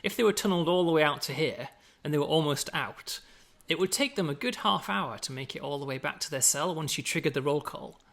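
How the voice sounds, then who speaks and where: A man's voice: a little high, fairly quick, vocal fry, hardly any pauses, fairly bright tone. An English man casually walking through a game update, chatty and explanatory, with lots of "you know" and "right?". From England. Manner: fond of British slang. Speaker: game developer. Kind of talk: casual gameplay walkthrough.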